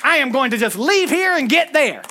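A man, preaching a lively sermon with folksy asides and shouted lines. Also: very high voice, normal speed, a little hiss or hum.

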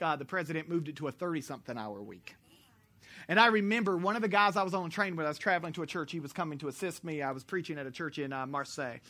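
A U.S. pastor with a fairly high-pitched voice gives a lively sermon. He jokes with the people in the pews and corrects himself as he goes.

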